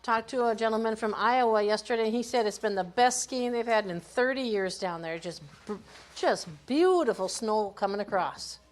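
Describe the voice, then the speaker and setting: A woman's voice: a little high, moderate pace. Woman from Minnesota calling a race finish. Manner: steady name-by-name calling with brief praise. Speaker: finish-line race announcer. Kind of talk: live race-call announcing.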